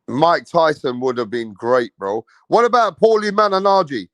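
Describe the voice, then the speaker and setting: A man's voice: a little high, expressive, a little slow, no room sound. A man hosting a casual livestream, swearing and using slang as he rants and talks to his chat. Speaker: livestream host.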